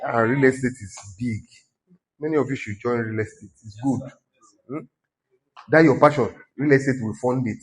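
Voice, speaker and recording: Nigerian pastor preaching with lively exhortation. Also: male voice, mid-range voice, moderate pace. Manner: exhorting, conversational, teasing the congregation. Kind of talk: sermon.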